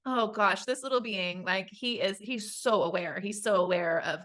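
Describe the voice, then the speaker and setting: Chatty woman co-hosting a spiritual podcast. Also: mid-range voice. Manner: chatty, animated retelling with quick laughs. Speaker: podcast co-host. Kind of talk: casual chat.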